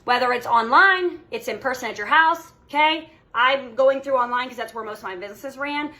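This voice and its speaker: A woman's voice: high-pitched, fairly quick, bright, forceful tone. A woman in her thirties giving a motivational training talk to her sales team, emphatic and coaching, checking in constantly with "okay?" and "all right?". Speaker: direct sales team leader.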